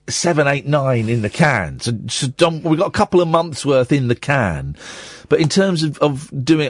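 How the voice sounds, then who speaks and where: A man's voice: medium pitch, dry recording. A man hosting late-night radio from a studio mic, rambling and jokey, often poking fun at himself. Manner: rambling, jokey, self-deprecating. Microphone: studio microphone.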